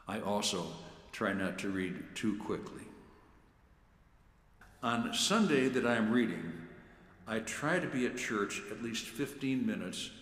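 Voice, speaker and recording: Male church lector, measured and deliberate, low voice, roomy reverberant sound. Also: lively intonation, fairly bright tone. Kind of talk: prepared talk on reading scripture aloud. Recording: echoey room with long reverb.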